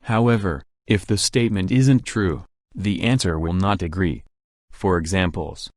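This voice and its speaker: A man reading an English grammar lesson aloud, giving the rules and the answers in a measured, even way. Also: low voice, dry recording, clean studio sound. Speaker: English teacher.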